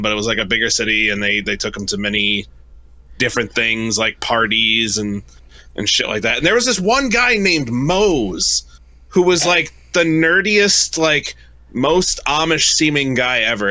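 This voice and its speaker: A man's voice: medium pitch, bright, forceful tone, no room sound. A man co-hosting a podcast, telling stories in loose casual chat with casual swearing. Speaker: podcast co-host.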